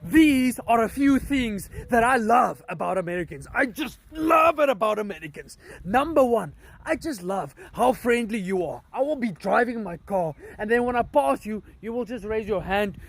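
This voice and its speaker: A man's voice: high voice, vocal fry. A man living in America, talking animatedly and teasingly straight to his viewers. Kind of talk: casual vlog to camera.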